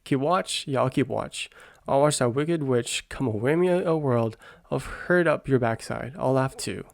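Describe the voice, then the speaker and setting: A man's voice: medium pitch, creaky, no room sound, studio quality, natural voice. A man murmuring as a rambling donkey. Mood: mouthy. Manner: rambling and quick. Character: chatty jittery male donkey. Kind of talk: whispered role-play.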